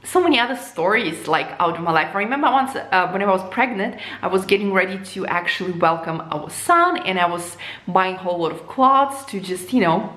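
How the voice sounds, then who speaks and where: Woman vlogging her opinions, animated, loads of "you know", roomy echo. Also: fairly quick. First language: Russian. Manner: animated, with frequent jumps in pitch and many "you know" and "like" fillers. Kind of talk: casual opinion monologue. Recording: echoey room.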